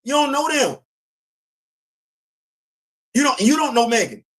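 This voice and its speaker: A man's voice: very high-pitched, sing-song, unhurried, a bit bright. A man hosting a casual commentary show, talking bluntly and emphatically, repeating his points. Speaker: podcast host.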